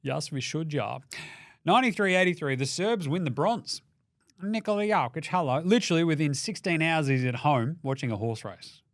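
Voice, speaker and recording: Australian male sports host, higher-pitched voice, dry close sound, sarcastic and profane commentary rant. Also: expressive, normal speed, dry recording. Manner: sarcastic, swearing, swings between mutters and loud outbursts. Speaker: basketball show host.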